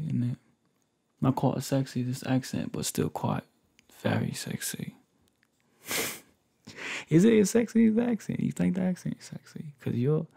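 Gravelly london-accent boyfriend, whispered role-play, slow and teasing , an american guy putting it on. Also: medium pitch, heavily acted. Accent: put-on London accent. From United States. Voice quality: soft, half-whispered delivery. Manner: slow, coaxing and playful. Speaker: ASMR creator.

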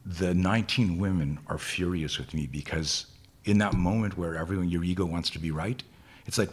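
Deep husky man telling a story. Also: moderate pace. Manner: swears freely, acts out quoted voices. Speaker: self-defense instructor, guest. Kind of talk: animated storytelling in conversation.

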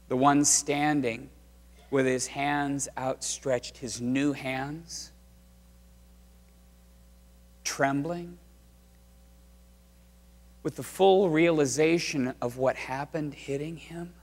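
A man preaching a sermon as pastor, telling the story conversationally and swinging between loud and hushed. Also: mid-range voice, fairly even intonation, slow. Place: church sanctuary. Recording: reverberant church sanctuary.

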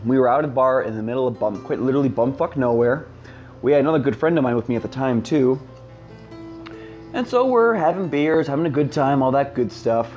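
A man's voice: mid-range voice, a little mellow. A young man in his twenties tells a story in a rambling, self-mocking way, with lots of fillers. His voice sits mid-range but swings widely. The audio is slightly dull, with faint music underneath. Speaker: storyteller, channel host. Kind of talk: casual storytime monologue.

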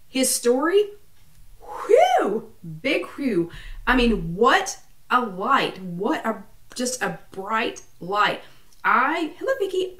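A woman's voice: mid-range voice, a bit bright. A woman hosting a live online weight loss workshop, chatty and encouraging, greeting viewers by name. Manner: chatty, encouraging, reads viewer names and comments aloud. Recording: echoey room, voice somewhat far from mic, faint background noise.

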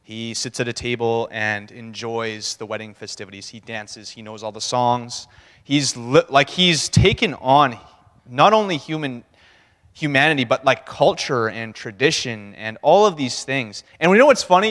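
A man giving a relaxed, conversational sermon in a church, chuckling as he speaks and acting out what people said. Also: medium pitch, moderate pace. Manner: conversational, laughing, acts out quotes. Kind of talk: casual sermon talk. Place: church sanctuary. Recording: long church-hall reverb.

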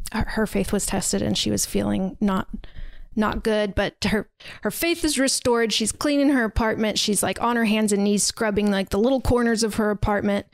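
A woman's voice: mid-range voice, no echo. A woman podcast co-host recapping in casual chat, rambling and full of fillers like "like" and "um". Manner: rambling, filler-heavy storytelling with lots of "like" and "um". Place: podcast recording setup.

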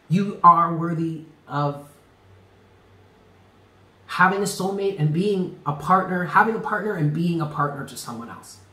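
A man's voice: a little high, bright, forceful tone, echoey room, rough recording. A man giving a tarot reading, speaking earnestly and stressing points by repeating them. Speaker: tarot reader.

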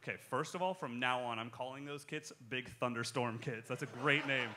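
A man with a mid-range voice, speaking a little fast in a pushed, bright way, teaches a live drum clinic at a music shop. In front of an audience, he jokes and talks straight to the crowd while explaining his playing and taking questions.

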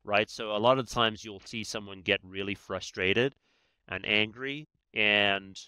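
A man's voice: fairly low pitch, fairly even intonation, a little slow, bright, forceful tone, clear, resonant tone. A man, a guest expert on negotiation, talking in a conversational way and often tagging his points with "right?". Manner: emphatic, many "right?" tags. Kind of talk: conversational explaining.

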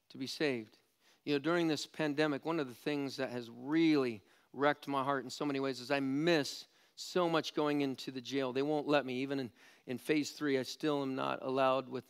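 A man preaching a sermon as pastor, animated and jokey, climbing to loud pleading peaks. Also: on the high side, clear, resonant tone.

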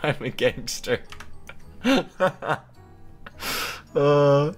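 A man's voice: on the high side, very animated, slow pace, husky, soft background music. A man giving chatty gameplay commentary as a gaming YouTuber, talking to himself and giggling often.

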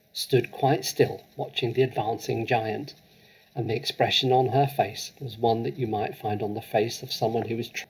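A man reading a children's story aloud with measured, expressive narration. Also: lowish voice, husky, rough recording. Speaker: story reader.

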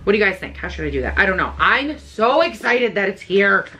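A young woman vlogging as she unboxes makeup, gushing and excitable, swearing freely. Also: medium pitch, fairly quick, slight background noise. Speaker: beauty vlogger. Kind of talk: casual unboxing chat.

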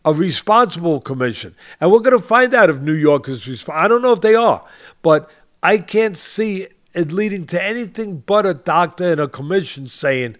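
An older man with a fairly high speaking voice hosts a boxing podcast. He talks with passion and drives each point home by repeating short phrases, now and then calling his co-host by name. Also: lively intonation, normal speed, fairly bright tone. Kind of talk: impassioned podcast commentary.

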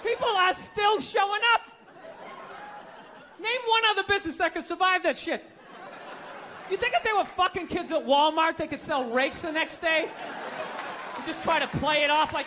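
A man's voice: very high voice, normal speed, long pauses, a crowd in the background, noisy background. A man doing stand-up comedy, ranting in a profane, incredulous way before a live audience. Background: audience laughter.

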